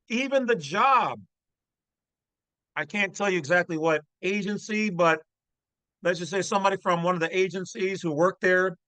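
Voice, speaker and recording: A man's voice: high-pitched, bright, forceful tone, clear, resonant tone, no echo, rough recording. Man, channel host, brash slangy commentary, dry close sound. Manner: brash, folksy, preachy, slangy. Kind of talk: casual commentary on a read-aloud text.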